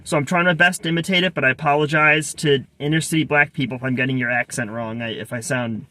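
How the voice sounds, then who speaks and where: A man tells a personal story in a loose, rambling way, restarting and adding asides. His voice is bright and sits a little high. The delivery stays casual and conversational. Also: steady tone, quick pace. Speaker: vlogger.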